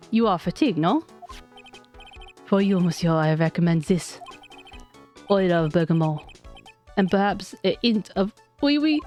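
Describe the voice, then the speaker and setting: A woman's voice: a little high, darkish tone, pitched above the performer's own voice, close to an everyday voice. A woman doing a flamboyant French chef man. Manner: exaggerated French accent, flowery. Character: flamboyant male French chef, pompous and fussy.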